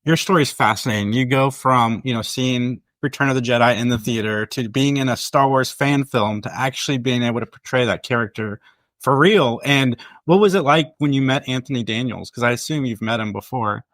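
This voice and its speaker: A man's voice: mid-range voice, fairly quick, fairly bright tone, dry recording. A man hosting a podcast, casual and impressed, using slang as he asks questions. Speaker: podcast host. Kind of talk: casual interview chat.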